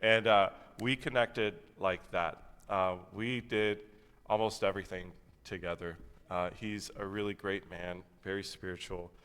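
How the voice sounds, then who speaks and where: A man's voice: deep voice, steady tone, measured pace, a bit bright, clear, resonant tone. A man in his thirties giving a sermon in a church, talking conversationally with plenty of fillers and asides. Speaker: preacher. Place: church sanctuary. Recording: long hall reverb.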